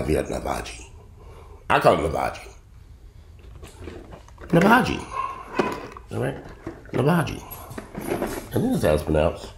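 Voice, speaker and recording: A man's voice: very deep voice, slight background noise. A man, rambling bluntly and profanely to camera in a casual vlog. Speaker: vlogger. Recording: roomy echo.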